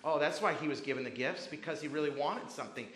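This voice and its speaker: A man's voice: a little high, fast talker, fairly bright tone, echoey room, a little hiss or hum, low-quality recording. A man preaching a sermon to a congregation, talking casually and telling stories from camp. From grew up Baptist. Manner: conversational preaching with anecdotes. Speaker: pastor.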